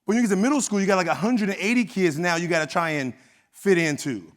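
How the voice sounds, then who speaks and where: On a conference hall stage, a middle-aged keynote speaker with an Oakland, California accent tells a personal story conversationally, acting out quoted dialogue. His voice is high and fast.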